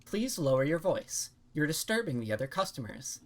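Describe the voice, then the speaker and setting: A woman voicing an automated ticket kiosk that speaks in a flat, officious way. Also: low-pitched, normal speed, full character voice. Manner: monotone, officious.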